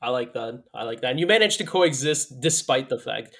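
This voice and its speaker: A man's voice: medium pitch, expressive, a little fast, creaky, fairly bright tone. A man hosting a casual interview, asking curious and slightly apologetic questions.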